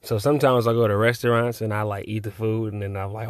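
A man's voice: on the low side, fast, few pauses, no echo, studio quality. A man in his twenties, hosting a podcast alone, rambling casually with lots of swearing and laughter. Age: 20s. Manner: profane, laid-back and rambling, with frequent laughs. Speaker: podcast host. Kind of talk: casual solo chat.

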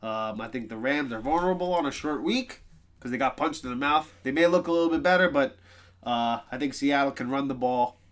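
A man co-hosting a casual sports podcast, talking through football picks in an animated, exasperated way, groaning and loosening up between points. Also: medium pitch, fairly quick. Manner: animated, groaning and exasperated about his team. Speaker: podcast co-host.

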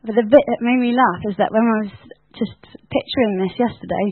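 Woman giving a bible school talk, kinda high voice, laughs a lot, sounds thin like over a phone. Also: a little fast, few pauses, breathy edge, dry recording, phone-quality sound. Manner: animated, laughs often, many "like" fillers. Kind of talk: sermon-style teaching.

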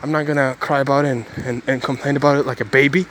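A man's voice: medium pitch, little pitch movement, quick pace, slight background noise. A man talking through his day in a casual vlog, rambling and correcting himself, earnest about his faith. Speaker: Christian vlogger.

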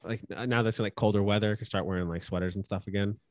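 A young man co-hosting a podcast, casual and earnest, offering gentle advice with fillers and asides. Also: on the low side, steady tone, fast, no room sound, studio quality. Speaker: podcast co-host. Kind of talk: casual chat.

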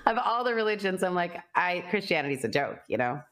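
A woman's voice: lowish voice, expressive, brisk, a bit bright. A woman telling her personal story in casual conversation, chatty and earnest, full of fillers and quoted thoughts. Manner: earnest and reflective.

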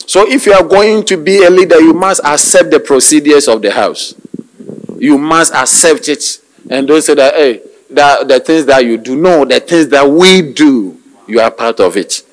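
A male pastor preaching a sermon, calling out hallelujahs and amens, with hesitant restarts and slow, drawn-out emphasis. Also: a little high, poor audio. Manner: call-and-response preaching with frequent hallelujahs.

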